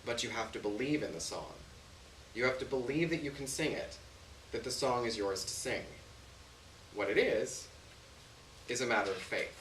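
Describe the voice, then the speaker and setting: A man reading a story aloud on stage in an expressive first-person narration. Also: medium pitch, moderate pace, pauses often. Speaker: story reader. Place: stage venue. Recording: roomy, distant, faint hiss.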